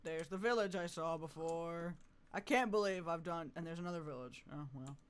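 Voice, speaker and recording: A man chatting through a live game stream, swinging from mumbly asides to loud, cartoonish exclamations and laughing often. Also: a little high, normal speed, clear, resonant tone. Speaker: gaming streamer. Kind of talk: live gameplay commentary.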